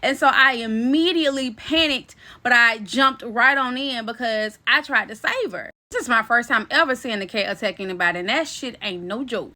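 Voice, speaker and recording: A young woman telling a personal story to her viewers in a casual, animated, slangy way, cursing freely and calling the audience "y'all.". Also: on the high side, normal speed, few pauses. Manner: swears freely and laughs while telling the story.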